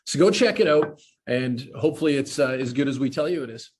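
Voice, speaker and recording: A man's voice: mid-range voice, lively intonation, darkish tone. A man co-hosting a podcast, talking in a loose, rambling way. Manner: loose, rambling, quick talker. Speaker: co-host. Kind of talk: casual podcast chat.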